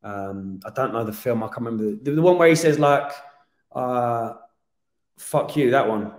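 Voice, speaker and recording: Bloke on a podcast, chatty and sweary, bit of room echo around him. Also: male voice, medium pitch, normal speed. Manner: animated, swears casually, restarts often. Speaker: podcast guest. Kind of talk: casual interview chat.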